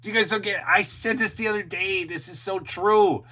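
High, bright-voiced emphatic male commentator. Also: normal speed, poor audio. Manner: emphatic, talks straight to viewers. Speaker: show host and political commentator. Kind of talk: opinionated commentary monologue.

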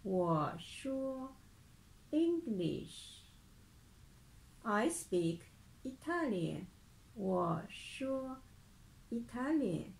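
Woman teacher going really slow, says each phrase twice, patient beginner lesson. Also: a little high, big pitch swings, darkish tone, rough recording. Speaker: Mandarin teacher.

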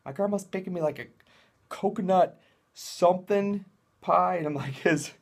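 A man's voice: sits high, normal speed. A young man doing a casual vlog in a hyper, jokey, rambling way. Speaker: vlogger.

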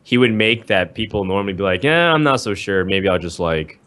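A man's voice: fairly low pitch, expressive, fairly quick, a bit bright. A man casting a live card-game match, explaining plays at length in an analytical way. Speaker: esports commentator.

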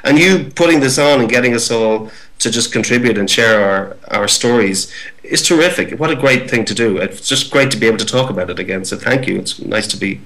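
A middle-aged male actor in a casual interview, telling behind-the-scenes stories in a lively way. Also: medium pitch, fairly quick, low-quality recording. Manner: lively storyteller, acts out voices. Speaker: actor guest.

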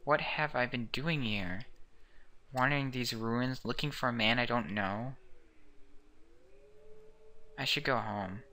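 Man voicing a young horror-game hero, brooding, low, slow, bright tone.

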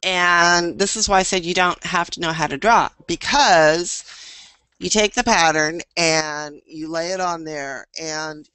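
Bright-voiced woman giving a chatty online painting lesson, dry close sound. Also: fairly low pitch, clear, resonant tone, no echo. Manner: chatty, thinking aloud. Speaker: painting teacher. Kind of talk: live online painting demo.

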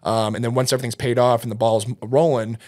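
A young man, a band vocalist, chatting as a podcast guest, talking quickly and animatedly with lots of fillers. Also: mid-range voice, flat delivery, a little mellow. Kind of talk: casual conversational interview.

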